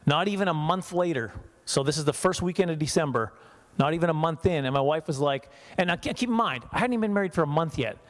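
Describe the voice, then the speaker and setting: A man's voice: fairly high pitch, lively intonation, fast talker. A man in his forties from Saskatchewan doing a chatty, self-mocking stand-up comedy set, laughing at his own jokes. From Saskatchewan, Canada. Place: church hall.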